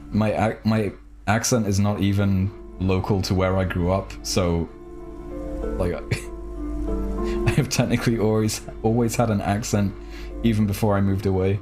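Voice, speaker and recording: A man's voice: on the low side, darkish tone. A man streaming a video game, chatting casually and playfully, often rambling and stopping himself mid-thought. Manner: playful, rambling and self-interrupting. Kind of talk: casual live-stream commentary. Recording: faint game music behind.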